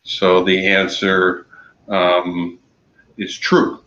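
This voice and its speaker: A man co-hosts a relaxed trivia chat, talking slowly and stopping often with ums and uhs. His voice sits a little low. The recording is roomy and dull. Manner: slow, halting, many ums and uhs; corny jokes. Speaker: podcast co-host running trivia. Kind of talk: casual chat.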